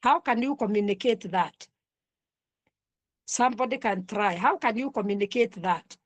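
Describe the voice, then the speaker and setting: Deliberate woman lecturer. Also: fairly high pitch, dry recording. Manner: deliberate, repeats points, asks the class questions. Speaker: counselling lecturer. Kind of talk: online class lecture.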